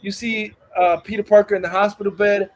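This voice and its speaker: A man's voice: high-pitched, little pitch movement, brisk. A man hosting a livestream, casually retelling a movie scene by scene in a rambling, profane way and acting out the quotes. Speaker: livestream host. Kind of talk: casual movie review chat.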